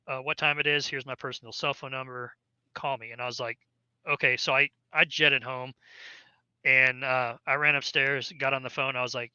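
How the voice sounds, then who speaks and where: A man's voice: mid-range voice, flat delivery, brisk, bright, forceful tone, smooth, no room sound, lo-fi sound. A man, an army veteran, casually telling a long story in an interview, rambling with many fillers and restarts.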